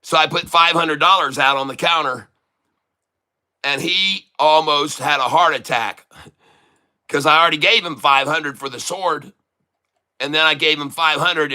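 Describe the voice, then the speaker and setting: Male livestream host, slightly high, smooth voice, chatty rambling storyteller. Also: unhurried, bright, forceful tone. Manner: rambling, chatty anecdote telling with many restarts. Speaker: livestream day trader and channel host.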